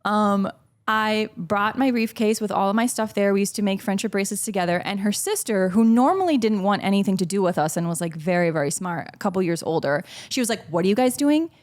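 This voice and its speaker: Her medium-pitched voice runs a little fast as this Miami-born podcast guest relives childhood stories in relaxed chat. She laughs often and performs the quotes with animation.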